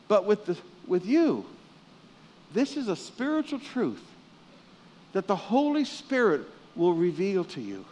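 A male pastor from the Philippines preaching a sermon, swinging from hushed lines to loud ones and calling on the congregation to answer back. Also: sits high. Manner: calls out for congregation responses.

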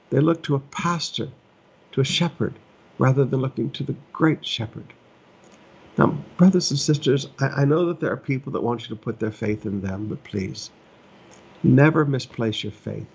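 A man's voice: mid-range voice, gravelly, a little mellow, breathy edge, muffled recording. A middle-aged male pastor preaching earnestly in a conversational way, pressing points with repetition. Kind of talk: preaching a sermon from home.

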